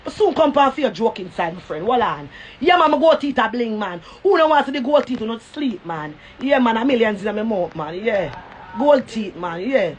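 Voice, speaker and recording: A woman's voice: a little high, big pitch swings, normal speed, highs cut off, a little hiss or hum, voice pushed down. A woman with a Jamaican accent mimicking a boastful, drunk man with gold teeth, in a slurred, rambling way, on a phone live stream. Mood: mocking.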